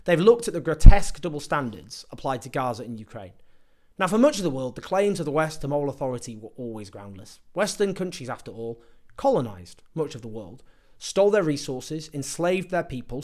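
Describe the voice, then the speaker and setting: A man's voice: medium pitch, a little mellow. A man from Britain delivering a sarcastic, indignant political opinion monologue to camera, full of rhetorical questions. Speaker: political commentator.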